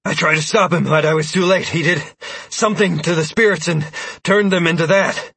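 Casting: male narrator doing a fierce young hero, raised husky voice, snarling, fantasy audiobook. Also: fairly high pitch, fairly quick, no echo, pitched above the performer's own voice, heavily acted. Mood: breathless. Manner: snarling, shouting.

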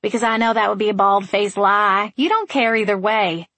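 A woman voicing a sarcastic, stubborn young woman who talks in a sharp, sardonic way. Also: mid-range voice, no echo. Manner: sharp, sardonic, quick to snap.

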